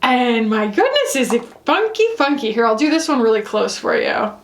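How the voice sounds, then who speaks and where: A woman's voice: fairly high pitch, very animated, normal speed, echoey room. A woman doing a casual, playful makeup review, chatting to herself as she applies products. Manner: bubbly, playful, talks to herself while applying makeup. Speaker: beauty reviewer.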